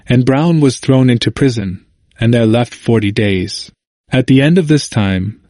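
Measured male narrator, dry sound. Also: medium pitch, no echo. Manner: steady, measured reading, quotes read with only slight lift. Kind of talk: scripted narration of a history book.

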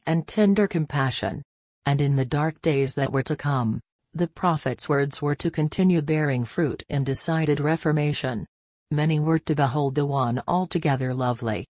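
Low-voiced woman reading devotional text. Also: a little mellow, no room sound, clean studio sound. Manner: measured, solemn reading. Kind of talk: scripted devotional narration.

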